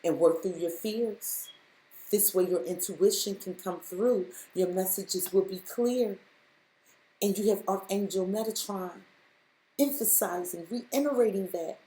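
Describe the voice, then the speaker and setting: A woman's voice: medium pitch, unhurried, warm tone. A woman giving a spiritual tarot reading, speaking straight to the listener and repeating her points with emphasis. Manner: repetitive, emphatic, addresses listener directly. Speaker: tarot reader. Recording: roomy echo.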